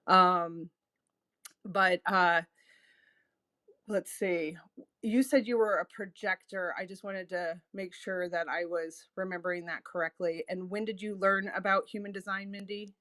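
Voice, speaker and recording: Female host, relaxed talker, slightly low pitch, very dry close recording. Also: a little slow, no room sound. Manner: warm, chatty, many ums and laughs. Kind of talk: casual chat.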